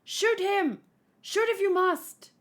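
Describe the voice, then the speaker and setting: A woman voicing a panicked male soldier, reporting urgently and loudly while reading a comic aloud. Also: extremely high pitch, slow, pitched above the performer's own voice, full character voice. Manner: urgent, alarmed, loud.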